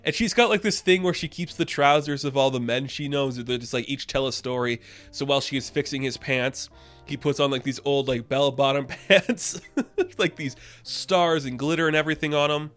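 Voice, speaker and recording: Guy rambling through a tv episode recap, excited, lots of "like" and "you know", faint music behind. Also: medium pitch. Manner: excited, rambling, many fillers. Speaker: TV episode reviewer. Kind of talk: casual recap and review.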